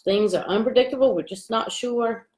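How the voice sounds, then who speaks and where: Gentle woman teacher reading to young kids. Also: fairly high pitch, moderate pace. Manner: gentle and encouraging, asks children questions. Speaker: elementary school teacher. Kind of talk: reading a picture book aloud to young children.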